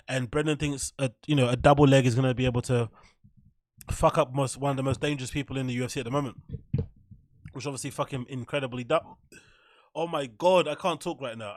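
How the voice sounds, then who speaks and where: A man's voice: medium pitch, steady tone, a little fast, no echo, clean studio sound. A man hosting a casual livestream, rambling, swearing freely and answering his chat. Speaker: livestream host.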